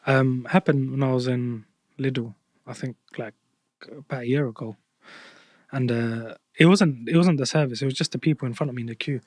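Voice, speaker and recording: A man's voice: mid-range voice, fairly even intonation, normal speed, darkish tone, no room sound. A man in a casual podcast chat, explaining things plainly and earnestly.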